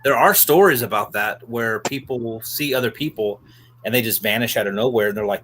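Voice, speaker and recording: A man's voice: medium pitch, fast, fairly bright tone, a little hiss or hum. A man co-hosting a live show, chatting and explaining ideas in an easygoing way. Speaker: co-host. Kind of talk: casual chat.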